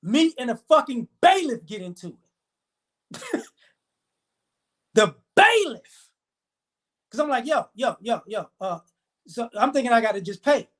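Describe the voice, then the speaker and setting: A very high-pitched, very animated man, his voice a bit bright, delivers a storytelling rant to camera. He swears often and rattles through the tale angrily, acting out the quoted dialogue.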